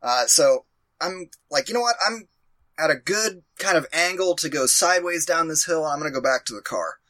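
A man's voice: on the high side, expressive, a little fast, pushed and bright, dry recording. A man telling a rambling, profane, self-mocking story in a casual chat.

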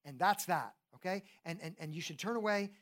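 A preacher with a medium-pitched voice delivers an earnest, conversational sermon at a brisk pace. He often puts questions to his listeners and tends to restart his thoughts with "and, and."

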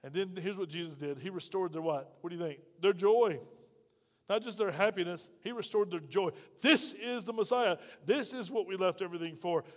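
Male pastor, high voice, emphatic sermon style, heavy hall reverb. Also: normal speed. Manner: emphatic, with frequent rhetorical questions to the congregation. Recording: long reverb of a large hall.

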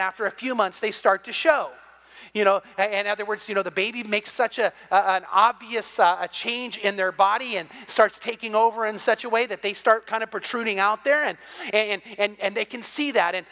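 An older man preaching a sermon as pastor, animated and acting out little conversations, often repeating words as he restarts. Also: high-pitched. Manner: animated, acts out dialogue in quotes, repeats words when restarting. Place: church sanctuary. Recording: long hall reverb.

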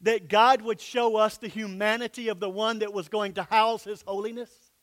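A pastor preaching a sermon in a church, emphatic, sometimes dropping to soft, low asides. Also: male voice, fairly even intonation, moderate pace.

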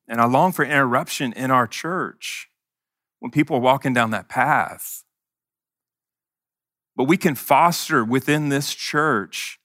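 A man's voice: mid-range voice, pushed and bright, dry recording, clean studio sound. A male pastor preaching a sermon in an earnest, conversational way, with touches of self-deprecating humor.

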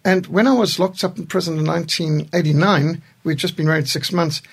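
Man, 60s, studio guest. Husky, gravelly storyteller with a warm chuckle. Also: a little high, steady tone, fairly quick. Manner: storytelling, chuckles through anecdotes. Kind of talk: reflective studio conversation.

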